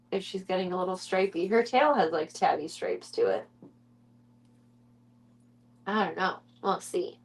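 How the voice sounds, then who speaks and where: A young woman streamer chatting casually and cooing in baby talk at her kittens, often giggling. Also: medium pitch. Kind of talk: casual chat with her cats.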